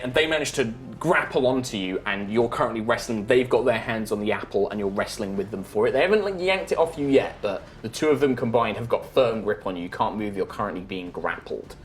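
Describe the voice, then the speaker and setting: A man's voice: mid-range voice, expressive, a little fast, hardly any pauses. A young man narrating as dungeon master in a chatty, rambling way, with light music underneath. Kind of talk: narrating a tabletop game.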